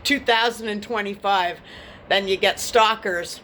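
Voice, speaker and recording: A woman's voice: medium pitch, a little slow, sharp tone, slight background noise. A woman in her forties in a scattered, profane, mocking rant, defiant and sneering. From Canada. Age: 40s. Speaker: vlogger. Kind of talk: ranting vlog monologue.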